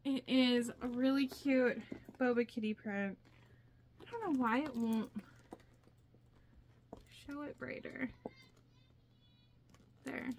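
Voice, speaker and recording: A young woman vlogger chatting casually as she shows her handmade bags, with lots of fillers and excitement. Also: sits high, slow, creaky, pauses often, slight background noise. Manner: chatty, filler-heavy, enthusiastic. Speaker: crafting vlogger. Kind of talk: casual show-and-tell vlog.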